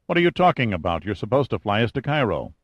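A man's voice: on the low side, big pitch swings, quick pace, dry recording, muffled recording. A man voicing a big, proud and stubborn male scientist who speaks in a demanding, indignant way.

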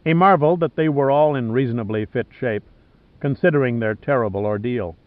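A man reads a novel aloud at a steady, measured pace of storytelling. The sound is thin, like a phone line. It is dry, with no room echo. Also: medium pitch. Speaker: narrator. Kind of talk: scripted audiobook narration.

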